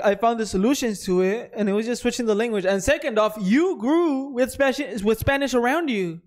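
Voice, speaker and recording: A young adult man co-hosting a podcast in a casual chat, easygoing and a little hesitant as he tells stories. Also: very high voice. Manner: easygoing, hesitant, drawn-out storytelling. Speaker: podcast co-host.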